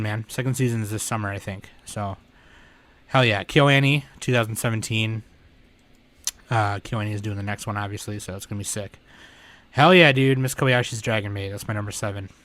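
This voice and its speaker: A man hosting a podcast in casual chat, excitable and swearing freely. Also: fairly low pitch, no echo. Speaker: podcast host.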